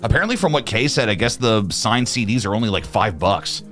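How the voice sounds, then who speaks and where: A man's voice: on the low side, animated, brisk, fairly bright tone, soft background music. A young man co-hosting a livestream, chatting loosely with lots of fillers and restarts. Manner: rambling, many fillers and restarts. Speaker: co-host of a livestream. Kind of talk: casual livestream chat.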